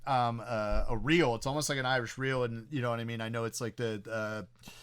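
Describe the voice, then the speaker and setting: A man's voice: medium pitch, steady tone, fairly quick, fairly bright tone, smooth, dry recording. A middle-aged man with a Philadelphia-area accent, co-hosting a podcast and telling stories in a rambling, profane way full of fillers. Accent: Philadelphia-area American. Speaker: podcast co-host. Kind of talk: casual chat.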